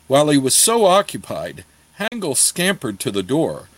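A man reading a fantasy novel aloud in a steady storytelling manner. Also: mid-range voice, moderate pace, no echo, low-quality recording. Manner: steady storytelling, apologizes for page turns. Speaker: audiobook reader.

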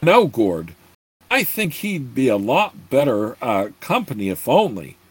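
A man reading aloud and voicing a brash, joking young male barbarian who talks in a sarcastic, blunt way, with a husky voice. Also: medium pitch, huge pitch swings, a little slow, no room sound, heavily acted. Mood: mocking.

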